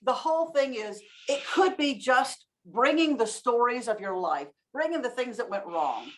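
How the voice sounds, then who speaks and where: A woman guest on a podcast, talking in a lively, storytelling way. Her voice sits a little high and swings widely in pitch as she acts out examples with emphasis. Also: moderate pace. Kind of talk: casual interview chat.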